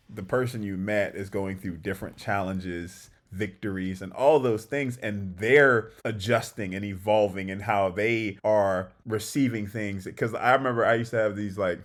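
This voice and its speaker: A man's voice: on the low side, moderate pace. A man co-hosting a relationship podcast, talking casually and acting out little stories with quoted lines. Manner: animated storytelling, acts out quotes. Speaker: podcast co-host. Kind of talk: casual conversation about relationships.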